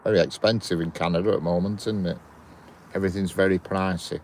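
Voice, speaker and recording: A man's voice: deep voice, steady tone, quick pace, a little mellow, a little hiss or hum. A Northern English man chatting casually at the trackside, reading and answering viewers' messages in a rambling way. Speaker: trainspotting livestream host. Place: outdoors by a railway line. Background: birds and outdoor ambience.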